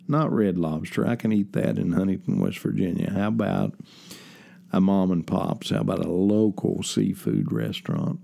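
A man's voice: on the low side, vocal fry, dark tone. An older man talking casually in a folksy, rambling way, full of fillers and personal asides. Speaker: host. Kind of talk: casual spoken monologue. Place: lives in central Ohio.

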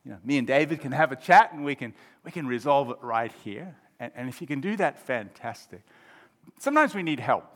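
A man in his fifties preaching a sermon as pastor, shifting from quiet reflection to loud, emphatic exclamations. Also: medium pitch, lively intonation, a little fast.

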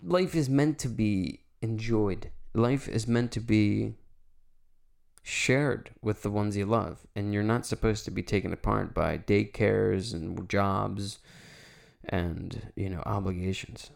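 A man in his forties with a low, gravelly voice, hosting a solo podcast. He tells a personal story in a loose, rambling way, full of "you know" and "like," and he swears freely. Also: slow. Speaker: podcast host.

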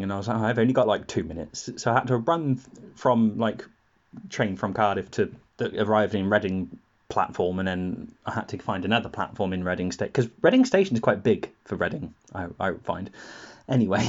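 Lo-fi man telling rambling stories. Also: fairly low pitch. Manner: rambling anecdotes with laughs and acted-out quotes. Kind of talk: casual chat, storytelling.

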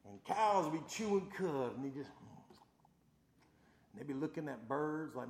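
High-voiced emphatic preacher man. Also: very animated, measured pace, pauses often. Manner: emphatic, swings from loud to hushed, folksy humor. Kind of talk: sermon. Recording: roomy echoing hall.

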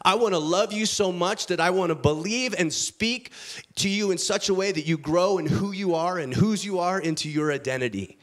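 A man preaching a sermon, reading scripture aloud, with big swings between loud, lifted passages and quiet, low asides. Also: normal speed. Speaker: pastor.

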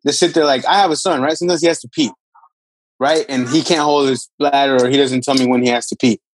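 Husky-voiced young man rambling casually. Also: mid-range voice, steady tone, quick pace, poor audio. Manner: rambling, filler-heavy storytelling with acted-out quotes. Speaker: podcast co-host. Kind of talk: casual chat.

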